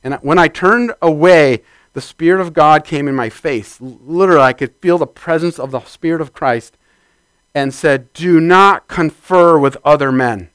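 Man, preacher, high voice, dry close sound, conversational sermon, jumps between loud and hushed. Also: moderate pace, clean tone, no echo. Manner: animated, swings from loud bursts to quiet asides.

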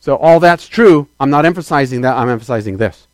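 A man preaching a sermon as a pastor, swinging between loud declarations and quiet asides and calling out to the congregation. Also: mid-range voice, animated, fairly quick, no room sound. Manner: calls out to the congregation for affirmation.

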